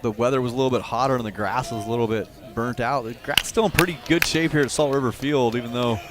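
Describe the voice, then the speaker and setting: A man doing color commentary on a live high school baseball game, with relaxed, rambling analysis full of restarts. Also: fast talker, heavy background noise. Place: outdoor ballpark.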